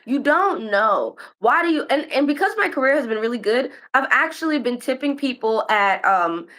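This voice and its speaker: An American woman on a casual podcast, her voice sitting fairly high. She tells stories with energy and jumps into acted-out voices for the people she quotes. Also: moderate pace. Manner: animated storytelling, acts out quoted voices. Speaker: podcast host. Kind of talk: casual chat.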